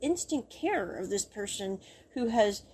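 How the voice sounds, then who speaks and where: A woman gives voice to a kind and fussy older shopkeeper. He talks gently and halts often, repeating his words. The tone is mellow and soft. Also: high voice, lively intonation, slight background noise. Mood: bewildered. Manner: halting, gently repeating himself.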